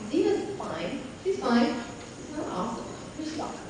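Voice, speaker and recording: A woman's voice: sits high, big pitch swings, moderate pace, a little mellow, slight background noise. Chatty young woman in an echoing hall. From Israel. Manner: chatty, laughing, hesitant restarts. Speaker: convention panel guest. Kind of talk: casual Q&A answers. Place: large convention hall. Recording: echoey hall taped from far off.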